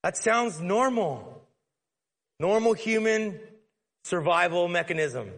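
A man's voice: sits high, lively intonation, slow, fairly bright tone. A man preaching a conversational sermon, retelling a Bible story and acting out its characters. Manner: conversational, storytelling, acts out the scene. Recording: long hall reverb.

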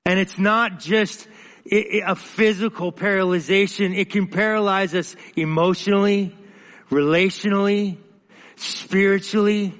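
A man preaching a sermon as pastor, passionate and halting, often restarting his sentences. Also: high-pitched, fairly even intonation, a bit bright, big-room sound.

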